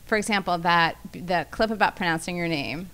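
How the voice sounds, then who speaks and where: A woman's voice: fairly low pitch, normal speed, a bit bright, clean tone. A woman hosting a podcast interview, asking encouraging follow-up questions. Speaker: podcast host. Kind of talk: casual interview. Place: comedy club.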